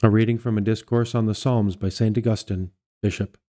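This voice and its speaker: Male liturgical reader, low and very warm in tone; measured, unhurried delivery of scripture readings. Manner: measured, steady reading with small self-corrections. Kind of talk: reading aloud of scripture and patristic texts.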